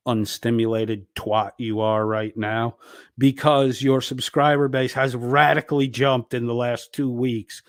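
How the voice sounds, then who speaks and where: A man's voice: mid-range voice, no echo, clean studio sound. A man ranting angrily at another streamer, swearing and berating. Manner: angry, profane, berating. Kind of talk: ranting monologue.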